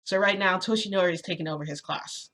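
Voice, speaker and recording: A woman quoting a talkative, jovial male school principal who keeps insisting. The voice is bright and fairly low, in a casual storytime retelling. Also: quick pace, close to an everyday voice. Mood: insistent.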